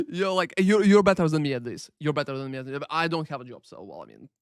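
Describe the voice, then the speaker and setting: A game streamer talks in an unpolished, rambling way, full of filler words and casual swearing. His voice sits a touch high for a man and stays dry and close to the mic, with no room sound. He keeps greeting viewers by name as he chats. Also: expressive, fairly quick, clear, resonant tone, no room sound. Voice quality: profane, rambling, filler-heavy. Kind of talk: casual live-stream chat. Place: Paris.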